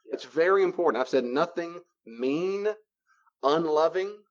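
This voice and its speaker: A man giving a conversational teaching talk, acting out both sides of the dialogues with lively shifts in his voice. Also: a little high, moderate pace. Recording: dull lo-fi recording.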